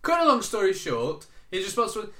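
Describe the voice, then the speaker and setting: A man hosting a podcast, telling a story in a crude, animated, casual way. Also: high-pitched, fairly quick. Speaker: podcast host. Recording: echoey room.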